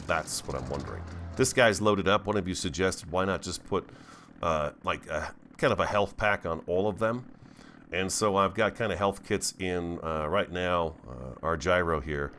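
A man's voice: low-pitched, fairly bright tone, a little hiss or hum. A man hosting a gaming video, chatting to his viewers as he plays. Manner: chatty, talks to viewers while playing. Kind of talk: let's play commentary.

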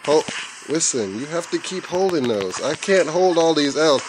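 A man's voice: a little high, expressive, moderate pace, a little hiss or hum, rough recording. A young man recording his own gameplay at home on a headset mic, trash-talking, cussing and yelping as he plays. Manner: playful trash talk, cussing, sudden yelps. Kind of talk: casual gameplay commentary.

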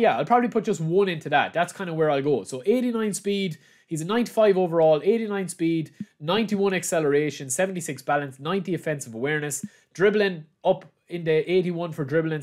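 A gaming channel host with a fairly high voice gives excitable live commentary on his own match, shouting at the play and calling his viewers "lads."

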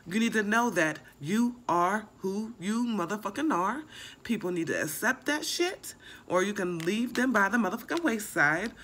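Animated, emphatic woman tarot reader. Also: mid-range voice, normal speed, a little hiss or hum. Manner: emphatic, swears freely, repeats words. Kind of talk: casual tarot reading.

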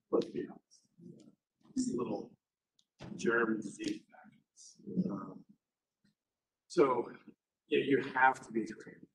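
A man, a university professor, telling stories in a casual classroom lecture, acting out the people in them in quick put-on voices. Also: mid-range voice, a little hiss or hum, low-quality recording.

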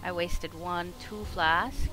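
A woman streaming a video game live, swearing a lot and talking to the enemies on screen, going from loud outbursts to quiet mutters. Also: lowish voice, fairly even intonation, slow, music in the background, low-quality recording. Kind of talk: live gameplay commentary.

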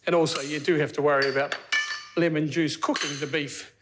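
A man's voice: fairly high pitch, little pitch movement, fairly quick, noisy background. A man hosting a cooking show in a studio kitchen, chatting casually and joking with the crew as he cooks. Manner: chatty, jokey, talks to the crew while cooking.

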